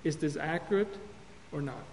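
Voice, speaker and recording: A man with a fairly high voice delivers a lecture-style sermon on counseling, earnest and deliberate. He restarts phrases and corrects himself mid-thought, slowing down to stress key words. The room adds a long hall reverb over a faint background hum. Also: animated, darkish tone. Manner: earnest teaching, with repeated words and self-corrections. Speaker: Bible teacher on counseling.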